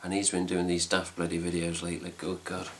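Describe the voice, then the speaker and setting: Deep-voiced, chatty middle-aged Englishman. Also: completely flat delivery, fairly quick, fairly bright tone, a little hiss or hum. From England. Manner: rambling, chatty, swears casually. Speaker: fan site host. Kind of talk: casual chat to camera. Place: home room with cats.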